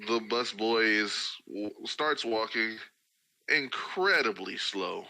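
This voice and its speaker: Halting game master, bright voice. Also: male voice, fairly low pitch, expressive, poor audio. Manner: halting, many fillers and restarts. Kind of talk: narrating a tabletop game.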